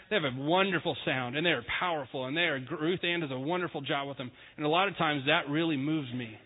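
A young male pastor preaching a conversational sermon, with a joking, easygoing manner. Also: on the high side. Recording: tinny phone-like sound with long reverb.

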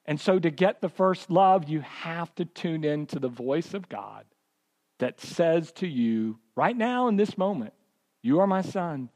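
A pastor preaching a sermon, telling stories and acting out the voices of the people in them. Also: male voice, on the high side. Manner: storytelling, acting out quoted voices.

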